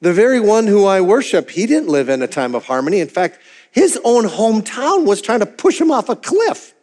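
A pastor preaching to his congregation in a frank, conversational way, with a voice pitched a little above the usual for a man. He keeps restarting his sentences and repeating words, then acts out his own thoughts in quotes. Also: very animated, normal speed, darkish tone. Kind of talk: sermon.

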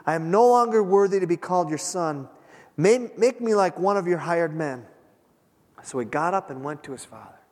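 High-voiced male pastor in a reverberant hall. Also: animated. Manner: retells a scripture story with dramatic pauses and emphasis. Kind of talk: sermon.

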